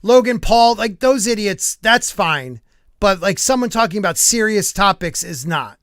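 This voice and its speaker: A man's voice: high voice, expressive, normal speed, fairly bright tone, dry recording, studio quality. A man hosting a casual podcast, ranting bluntly about the news and reading out viewer comments. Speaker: podcast host.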